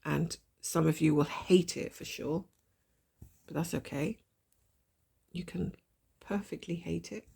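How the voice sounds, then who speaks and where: A woman with a gravelly voice and a blocked nose from a cold, chatting casually and thinking aloud while she stitches, with a self-deprecating manner. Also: lowish voice, takes it slowly, pauses often, darkish tone. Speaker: cross-stitch vlogger. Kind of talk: casual stitch-along chat.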